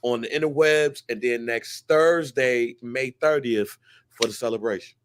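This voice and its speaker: A man's voice: medium pitch, unhurried, smooth, no echo. A man in his forties co-hosting a sports podcast in loose, joking chat, repeating words for emphasis. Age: 40s. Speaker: podcast co-host. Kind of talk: casual chat.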